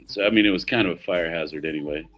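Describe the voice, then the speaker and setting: Middle-aged male streamer, low-pitched, profane, easygoing storyteller, faint music underneath. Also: very fast, a bit bright. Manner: profane, rambling storyteller who laughs often. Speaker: livestream host. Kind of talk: casual chat.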